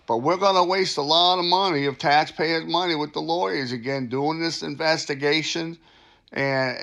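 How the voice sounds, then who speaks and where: A man's voice: fairly high pitch, gravelly, a bit bright, heavily acted. A man playing a smug, boastful, crooked town official who brags about himself and laughs at his own lies. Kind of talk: satirical comedy monologue.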